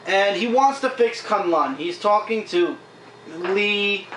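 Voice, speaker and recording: A man's voice: high voice, animated, slow, a bit bright, slight background noise. A man hosting a casual comic book review vlog, chatty, recapping scenes with plenty of fillers. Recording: echoey room, mic at a distance.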